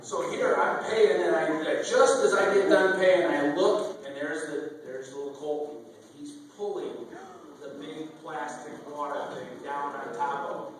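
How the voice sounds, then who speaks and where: Brief: middle-aged stand-up guy, a bit high-voiced, rambling storyteller, echoey club recorded from far off with audience noise. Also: unhurried. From Michigan, USA. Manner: rambling, self-interrupting anecdotes with many restarts. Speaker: stand-up comedian. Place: comedy club stage. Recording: echoey club sound from a distant mic. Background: audience laughter and room ambience.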